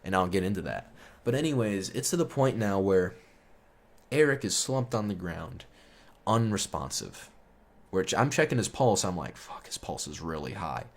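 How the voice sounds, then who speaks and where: A man's voice: on the low side, lively intonation, moderate pace. A man telling a story in a casual, rambling, profane way, chuckling as he goes. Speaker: storyteller host.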